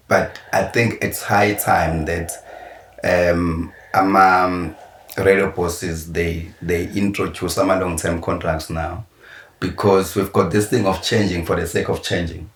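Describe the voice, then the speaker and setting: A South African man speaks as a podcast guest, hesitant and full of "um"s. His voice is very deep. The studio sounds echoey, with faint hiss behind him. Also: flat delivery, slow pace. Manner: hesitant, frequent "um", laughs between points. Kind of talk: casual studio chat.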